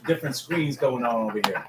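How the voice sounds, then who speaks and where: A man from Germany trades jokes and teasing in a casual chat. His voice rings in a roomy space, with clear background noise behind it. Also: medium pitch. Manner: joking, teasing, profane. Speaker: podcast co-host. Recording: echoey room with background noise.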